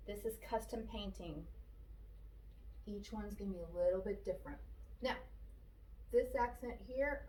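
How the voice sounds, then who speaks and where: A Floridian woman with a slightly high, warm voice talks casually through a furniture painting technique, describing each stroke and repeating steps as she goes. It's recorded in an echoey shop workspace, her voice distant, with slight background noise.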